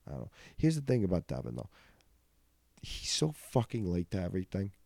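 Low-voiced young man rambling casually. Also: wildly swooping pitch, fairly quick, vocal fry, mellow, dry recording. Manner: rambling, profane, laughs often. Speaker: podcast host. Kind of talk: casual comedic storytelling.

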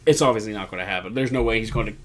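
A man's voice: on the low side, racing. Man animatedly recapping wrestling. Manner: animated storyteller, acting out wrestlers' lines. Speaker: podcast co-host. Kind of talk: casual wrestling recap chat.

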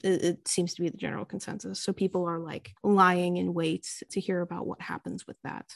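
A woman's voice: on the low side, level tone, a little fast, vocal fry, no echo. Woman GM narrating casually with lots of fillers, dry close sound. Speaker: game master. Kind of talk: narrating a tabletop game.

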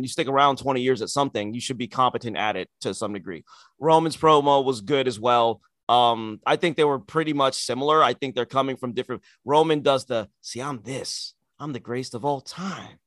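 A man's voice: mid-range voice, no room sound. Opinionated man, dry sound. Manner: opinionated, sarcastic, animated. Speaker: podcast co-host. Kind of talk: casual wrestling chat.

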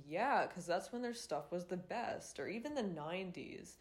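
A woman's voice: lowish voice, normal speed, few pauses. A young woman hosting a podcast in casual, rambling chat, sounding congested and nasal, full of fillers and swearing. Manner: rambling, lots of "like" and "um", swears freely. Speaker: podcast host.

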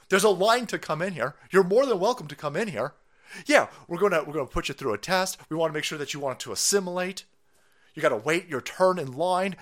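A male livestream host delivers combative political commentary in a fairly high voice. He sounds mocking and confrontational, and he swings between loud outbursts and low muttering asides. Now and then he stops to read viewer chat aloud.

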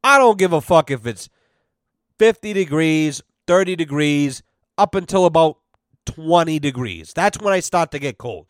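A man's voice: fairly high pitch, expressive, normal speed, smooth, dry recording, studio quality. A man telling a rambling, profane work story on his podcast, full of fillers and quoted back-and-forth dialogue. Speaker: podcast host. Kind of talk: casual storytelling.

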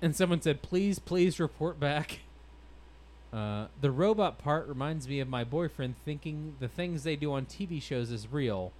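A man's voice: a little high, expressive, moderate pace, few pauses, darkish tone, slight background noise, rough recording. A man hosting a casual podcast, reading stories aloud in a wry, amused way and laughing as he goes. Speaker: podcast host.

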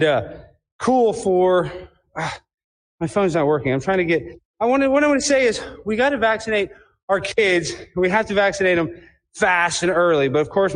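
A shrill, very high, breathless zealot who shouts rhyming chants in a frantic rush, as a man plays him for satire. The voice stays keyed up and loud, with a comic, over-the-top edge. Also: a little hiss or hum, lightly acted. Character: frantic man rant-singing a vaccine chant. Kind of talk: satirical comedic performance.

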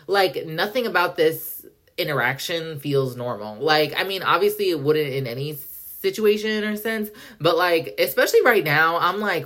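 A young woman hosting a podcast, telling a story in a profane, animated, dramatic rant full of slang and filler words. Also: on the low side, moderate pace. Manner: heavy slang, filler 'like'. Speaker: podcast host.

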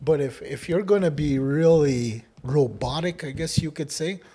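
A man co-hosting a casual podcast, talking in a relaxed way and often ending his sentences with "eh?", growing loud and laughing when he tells stories. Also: a little high, normal speed. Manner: laid-back, ends phrases with "eh?", turns loud and laughing when telling stories. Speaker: podcast co-host teaching Odawa. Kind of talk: casual conversational chat.

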